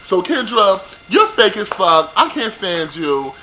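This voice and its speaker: A man recapping a reality TV episode for his viewers in a profane, animated rant, talking straight to them. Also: high voice, unhurried, a little hiss or hum, rough recording. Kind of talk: ranting show recap.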